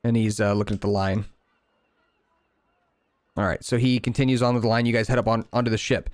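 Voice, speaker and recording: A man runs a tabletop game, describing scenes in a relaxed, rambling manner. His voice is smooth and even, and the sound is dry and close to the mic. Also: lowish voice, a little fast, dry recording. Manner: relaxed, loose, with many fillers. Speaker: game master.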